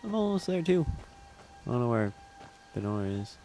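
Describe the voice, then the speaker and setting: A man's voice: medium pitch, very animated, normal speed, dark tone, slight background noise. A man casually narrating his gameplay, swearing freely and chatting to the characters on screen. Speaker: gameplay commentator. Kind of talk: casual let's-play commentary.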